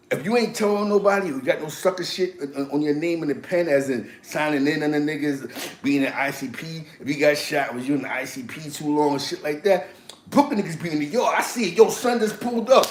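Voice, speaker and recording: Animated man telling prison stories, echoey room. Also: fairly high pitch. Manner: animated, laughing, acts out quotes. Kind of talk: casual storytelling chat.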